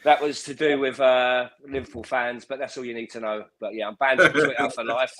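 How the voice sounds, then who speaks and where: A panelist with a middle-pitched voice who jokes around in a relaxed, easy way. He sounds at home in a casual live-stream chat. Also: fairly quick. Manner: relaxed and jokey. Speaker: panelist on a fan show.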